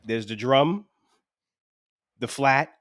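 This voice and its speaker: A man with a New York accent co-hosts a casual sports podcast, making blunt complaints and hammering the same point over and over. His voice sits at a medium pitch, recorded dry and close. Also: extremely slow, fairly bright tone, dry recording. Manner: blunt, repetitive griping. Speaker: podcast co-host.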